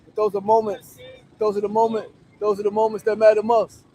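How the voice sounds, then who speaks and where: A man with a high voice speaks outdoors, cursing freely and repeating himself for emphasis as he preaches grit and purpose. He sounds middle-aged. Faint city traffic hums behind him. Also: completely flat delivery, fairly quick, dark tone, rough recording. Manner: profane, emphatic, repetitive, preachy. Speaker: livestream host on a public fast. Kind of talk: casual motivational livestream talk. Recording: faint urban street noise.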